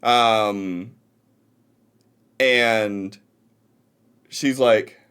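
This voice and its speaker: A man narrating a tabletop game as game master, relaxed with many fillers. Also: on the low side, extremely slow, clean tone.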